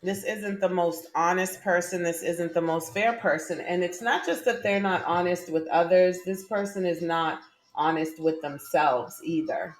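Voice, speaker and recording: A woman's voice: lowish voice, unhurried. A woman doing a casual tarot reading to camera, chatty and emphatic, often laughing. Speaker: tarot reader.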